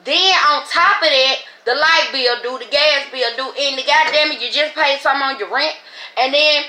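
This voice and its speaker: Fired-up high-voiced woman. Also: normal speed, bright, forceful tone, reverberant, slight background noise, poor audio. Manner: emotional, profane, emphatic. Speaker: podcast host. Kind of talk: casual commentary.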